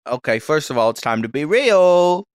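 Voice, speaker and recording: A worn-out, gruff father muttering in a low, tired voice, as a woman puts him on. His pitch swings widely and the sound is dry and close. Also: very animated, normal speed, no room sound. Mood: weary. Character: weary, gruff middle-aged father. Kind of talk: improvised comedy podcast.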